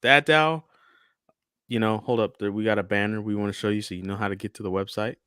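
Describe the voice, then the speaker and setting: A man co-hosting a casual podcast roundtable, animated and jokey, acting out quotes as he talks. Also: lowish voice, rapid-fire, smooth, dry recording, clean studio sound. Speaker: podcast co-host.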